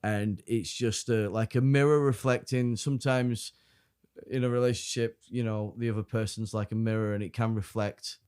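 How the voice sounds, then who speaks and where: Soft-spoken reflective man co-host. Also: lowish voice, steady tone, moderate pace, clean tone. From United Kingdom. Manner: reflective, hesitant, soft-spoken, many "you know"s. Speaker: podcast co-host. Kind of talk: casual chat.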